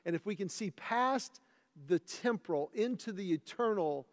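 Pastor, male, mid-high voice, earnest sermon delivery with loud and soft swings, church hall reverb. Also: expressive, moderate pace. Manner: earnest, swings from loud emphatic scripture reading to hushed tender asides. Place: church sanctuary.

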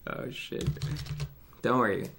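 A young man streaming a game, rambling and swearing as he chats, laughing often. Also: noisy background. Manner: profane, rambling, quick to laugh. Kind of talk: casual livestream commentary. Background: game music.

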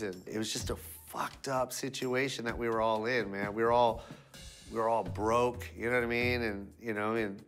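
Bright, energetic male stand-up comic. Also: mid-range voice. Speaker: stand-up comedian. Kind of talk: stand-up set and interview.

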